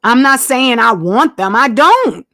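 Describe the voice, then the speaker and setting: Host type: high, expressive woman; repeats for emphasis; dry close-mic sound. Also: unhurried, dry recording. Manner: emphatic, repeats herself, asides while searching screen. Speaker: channel host. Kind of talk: casual monologue to viewers.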